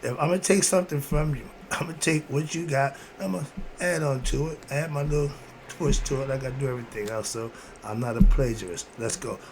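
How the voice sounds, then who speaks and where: This medium-pitched man speaks a little fast, with background noise from a heater running in his home room. Hosting a casual self-help philosophy monologue, he's preachy and repetitive, using call-and-response phrasing and frequent chuckles.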